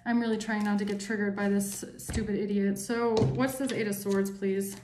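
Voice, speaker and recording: A woman's voice: medium pitch, little pitch movement, moderate pace, roomy sound, noisy background. A woman doing a tarot reading for her viewers, angry and emphatic, swearing often. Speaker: tarot reader.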